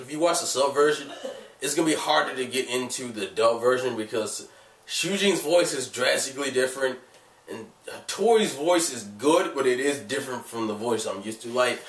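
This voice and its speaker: A man's voice: mid-range voice, fairly bright tone, recorded from a distance. Rambling man with a cold, echoey room. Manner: rambling, full of "like" and restarts. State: has a cold, coughing. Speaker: anime vlogger. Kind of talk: casual review vlog. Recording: echoey room, away from the mic.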